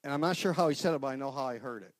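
A middle-aged man giving an informal, earnest sermon to a men's group, swinging from loud outbursts to hushed prayer. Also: mid-range voice, rapid-fire, no echo, clean studio sound. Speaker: lay speaker at a men's gathering.

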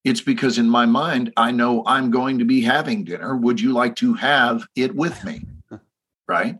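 A measured, slightly bright, husky mid-range voice belongs to a Texan man in his sixties appearing as a podcast guest. He recounts stories emphatically and asks listeners rhetorical questions.

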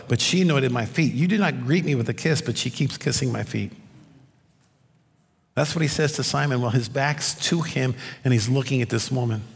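A man giving a sermon, explaining a passage and asking the congregation rhetorical questions, slowing down to stress key points. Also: medium pitch. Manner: expository preaching, rhetorical questions, slows for emphasis. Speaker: pastor. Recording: long hall reverb.

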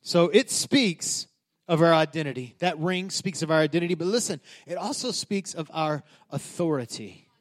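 High-voiced man preaching with rising emphasis. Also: moderate pace. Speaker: pastor. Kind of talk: sermon.

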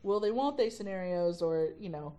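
A woman who teaches college, a podcast guest, chatting casually and telling stories with lively acted-out dialogue. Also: fairly low pitch, normal speed. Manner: animated storyteller who acts out dialogue.

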